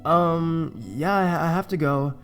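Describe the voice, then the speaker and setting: A man's voice: fairly high pitch, slow pace, fairly bright tone, soft background music, pitched above the performer's own voice. A man voicing a playful young woman friend who jokes but sometimes hesitates.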